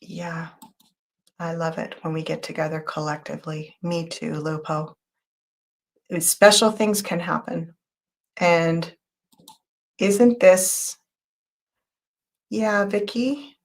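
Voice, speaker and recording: A woman's voice: mid-range voice, fairly even intonation. Intense, emotional woman tarot host. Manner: emotional and intense, thanking viewers by name; spiritual, guiding talk with quick changes of loudness. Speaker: tarot reader and show host. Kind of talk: live psychic tarot reading, chatting with viewers.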